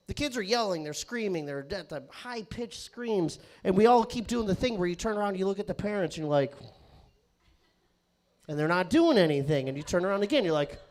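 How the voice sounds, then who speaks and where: A male comedian with a high, wildly swinging voice doing a stand-up set. He rambles, swears, and sometimes bursts into shouting on a handheld mic in a comedy club. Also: expressive, a little fast. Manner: crude, rambling, self-interrupting.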